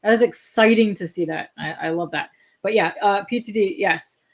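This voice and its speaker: A woman's voice: mid-range voice, normal speed. A woman from California hosting a casual livestream chat, bubbly and reading comments aloud. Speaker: podcast host.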